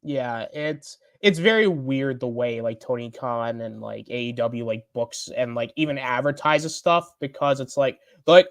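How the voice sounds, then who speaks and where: Young dude on a wrestling pod, says like constantly, dry close sound. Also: male voice, medium pitch, expressive, moderate pace, hardly any pauses, no echo. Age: young adult, mentions school. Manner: agreeable, lots of "like" fillers and mock quotes. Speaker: podcast co-host. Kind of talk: casual wrestling chat.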